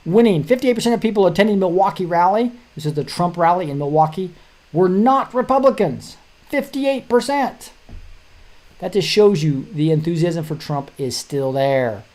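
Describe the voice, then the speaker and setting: A man's voice: on the high side, fairly quick, few pauses, darkish tone. A middle-aged man hosting a show, talking casually through news articles in a rambling way with frequent restarts and short chuckles. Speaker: show host.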